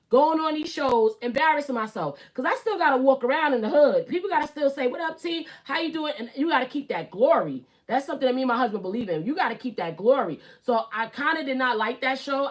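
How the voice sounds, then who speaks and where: Give me a woman with a Brooklyn accent, blunt and emphatic, hosting a casual live show, slightly high-pitched. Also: animated, fairly quick. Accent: Brooklyn New York. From Brooklyn, New York. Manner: blunt, profane, emphatic, repeats herself for emphasis. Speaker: YouTube live host. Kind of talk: casual live-stream rant.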